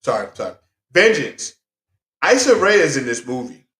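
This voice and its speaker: A man giving a casual, rambling movie review, excitable and full of fillers and restarts. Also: mid-range voice, moderate pace, echoey room.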